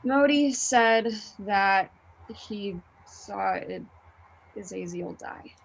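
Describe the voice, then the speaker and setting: A woman playing a tabletop role-playing game in casual, quiet, subdued speech. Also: medium pitch, lively intonation, drawn-out words, gravelly, low-quality recording. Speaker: player.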